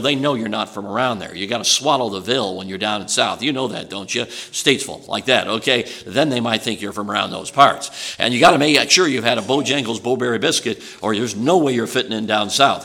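A man's voice: on the low side, fast, gravelly, few pauses, sharp tone. A man from Chicago with a Chicago accent, preaching to a congregation in a folksy, chatty way with many "uh"s and "okay"s. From Chicago, USA. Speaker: traveling preacher. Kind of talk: sermon introduction to a congregation.

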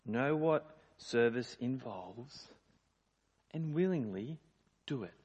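A man's voice: medium pitch, animated, slow pace, a little mellow, slightly rough. A man preaching a sermon in a conversational, emphatic way. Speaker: pastor. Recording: dull lo-fi sound in a reverberant hall.

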